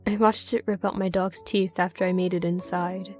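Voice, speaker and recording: A woman voicing a gruff old southern recluse. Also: lowish voice, level tone, normal speed, a little mellow, soft background music, natural voice. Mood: stern. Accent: American Southern. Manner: stern, ominous, curt.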